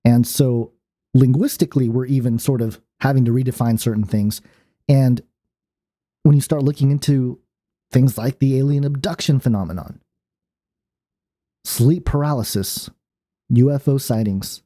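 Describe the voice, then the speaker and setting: Mellow-voiced man rambling on his channel. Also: mid-range voice, moderate pace, pauses often. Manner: rambling, many fillers and restarts. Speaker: channel host. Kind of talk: casual monologue.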